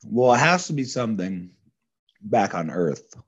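A man's voice: fairly low pitch, very animated, a little slow, breathy edge. A man co-hosting a comedy podcast, talking casually and agreeably. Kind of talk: casual chat. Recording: dull lo-fi audio.

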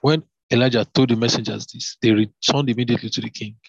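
A man reading scripture aloud, with fervent asides and halting fillers between passages. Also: mid-range voice, steady tone, creaky, slightly rough, no echo. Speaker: Bible reader. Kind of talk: devotional Bible reading with commentary. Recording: dull lo-fi, dry.

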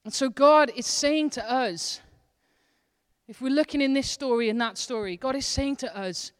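A woman's voice: high voice, normal speed, clear, resonant tone. A woman associate pastor preaching a sermon in a casual, earnest, conversational way, with her intensity rising and falling as she speaks. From Wales. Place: church hall. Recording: long church hall reverb.

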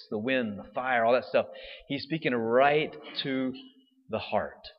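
Man, priest, chatty homily, long church echo, dull muffled recording. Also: medium pitch. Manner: conversational, jokey preaching with laughs and fillers. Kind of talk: homily at weekday Mass. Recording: dull reverberant church sound.

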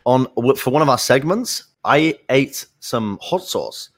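Male esports caster in a loose, swear-happy podcast chat; animated storyteller with a middle-pitched voice. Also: unhurried, crowd noise.

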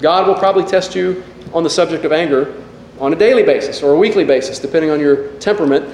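A man's voice: a little high, quick pace, a little mellow, slight background noise. A pastor in his forties giving an earnest, self-deprecating sermon in a church hall. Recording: echoey hall with long reverb.

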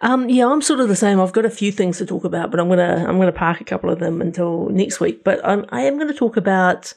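A man with a high, gravelly voice and a quick pace co-hosts a casual podcast, rambling about the TV shows he has watched. His review is full of restarts and fillers.

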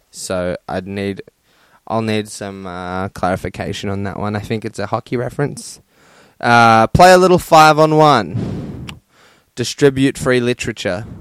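A man's voice: fairly low pitch, clean tone, no echo. A young man hosting a casual solo podcast from his room at home, swearing often, laughing and using lots of fillers while sunburnt and hot. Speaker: podcast host.

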